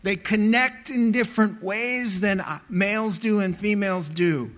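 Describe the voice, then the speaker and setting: Middle-aged male pastor, sermon delivery, high bright tone, slow deliberate pacing, emphatic storyteller.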